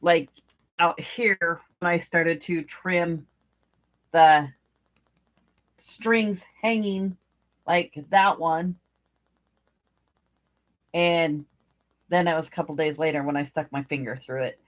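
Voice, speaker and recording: Pausing often and speaking slowly in a low voice, an older woman chats about her crochet as she works. She is a crochet vlogger, rambling and thinking aloud with fillers, heard in a dull lo-fi home recording.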